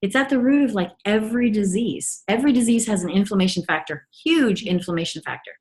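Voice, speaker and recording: A fast-talking middle-aged woman with a mid-range voice gives a testimony about being a mother. Her tone is chatty, earnest, and enthusiastic, though she frequently says um and restarts her sentences.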